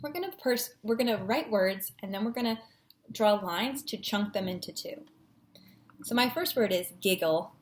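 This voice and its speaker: A woman's voice: medium pitch, moderate pace, slight background noise. A woman teacher giving a patient, encouraging phonics lesson at a whiteboard, sounding out syllables.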